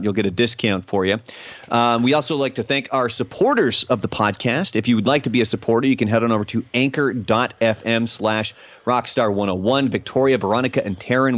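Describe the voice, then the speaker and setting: A man's voice: medium pitch, no echo. A man co-hosting a podcast in loose casual chat, swearing freely and reading out the show's plugs and thanks. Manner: swearing, laughing, reads social plugs. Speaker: podcast co-host.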